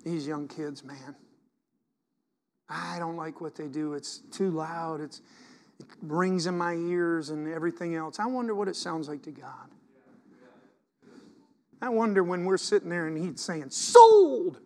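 A middle-aged male pastor preaching a sermon, reading scripture aloud and swinging between loud bursts and quiet asides. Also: a little high, a little slow, long pauses, in a large hall.

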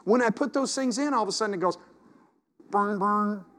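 A man preaching a sermon as pastor, swinging from hushed asides to loud, impassioned exhortation. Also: extremely high pitch, very fast.

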